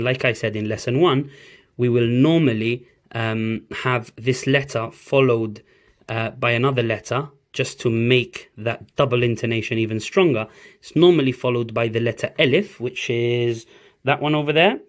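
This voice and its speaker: A man teaching an online Arabic lesson, patiently encouraging learners and slowly repeating each sound for them to copy. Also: medium pitch. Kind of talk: online language lesson, drawing on a board.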